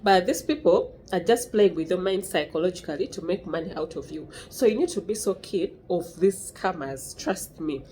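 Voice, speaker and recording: A woman's voice: on the low side, normal speed, few pauses, a little hiss or hum. A young woman vlogger, telling a story casually to camera and acting out the dialogue. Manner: animated, acts out dialogue with shifting voices.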